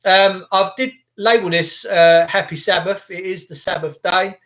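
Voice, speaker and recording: A man's voice: high-pitched, measured pace. A middle-aged man hosting a casual live stream, reacting to footage with sarcasm and chatting to viewers. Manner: excitable, sarcastic, addresses viewers as mate. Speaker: livestream host.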